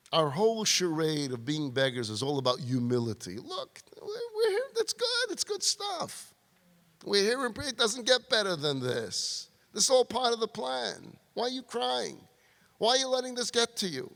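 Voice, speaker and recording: A man, a rabbi, telling a story in a sermon and acting out its dialogue with lively shifts. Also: medium pitch. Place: large hall at a retreat. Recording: long hall reverb.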